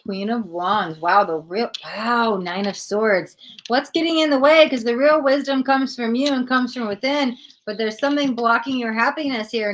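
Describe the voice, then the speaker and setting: A woman's voice: a little high, fairly bright tone. A woman doing live tarot readings on a stream, talking in a chatty, informal way and thinking aloud. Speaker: tarot reader.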